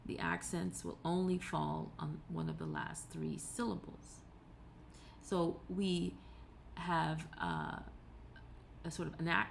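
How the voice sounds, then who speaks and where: A woman delivers a recorded tutorial in a patient, explanatory way, pausing on fillers and correcting herself as she goes. Her voice sits fairly low with a gravelly edge, and a faint hiss of noise lies under the recording. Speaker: teacher.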